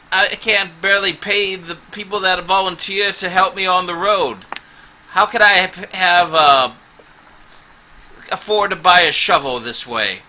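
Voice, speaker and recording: A man voicing an angry male dwarf road-builder who rants loudly and indignantly. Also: on the high side, full character voice. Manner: loud, indignant ranting.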